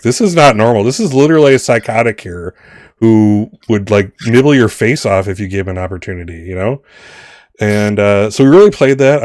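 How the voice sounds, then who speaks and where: A man's voice: lowish voice, darkish tone, smooth, no room sound, clean studio sound. A man game master in casual chat, rambling with many restarts and some swearing. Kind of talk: casual campaign wrap-up chat.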